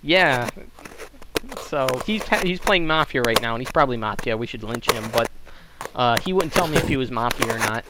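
A man's voice: mid-range voice, animated, moderate pace. A young man hosting a podcast over voice chat, joking crudely and rambling with many fillers, sounding like he has a cold. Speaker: podcast host. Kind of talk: casual voice chat. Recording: online voice chat with faint noise.

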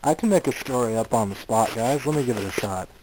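A man's voice: medium pitch, quick pace, a little mellow, a little hiss or hum, poor audio. A man hosting a casual late-night online chat. He talks loosely and rambles, spinning an improvised story with a mid-range voice. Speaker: podcast host.

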